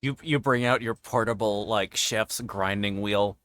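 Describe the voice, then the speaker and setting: A man hosting a casual chat, tossing in quick joking comments. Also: lowish voice, a bit bright, no echo.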